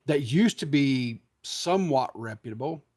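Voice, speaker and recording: A man with an ordinary mid-range voice speaks casually as a podcast co-host. He pauses often and leans on fillers as he works toward his point. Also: mid-range voice, expressive, a little mellow. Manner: hesitant, filler-heavy, measured. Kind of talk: casual chat.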